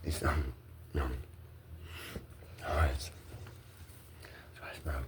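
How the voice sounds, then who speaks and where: A man's voice: rumbling low, little pitch movement, very slow, a little hiss or hum. A middle-aged man, emotional and shaky, rambling and repeating himself as he stumbles through a personal rant recorded on a handheld phone. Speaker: vlogger.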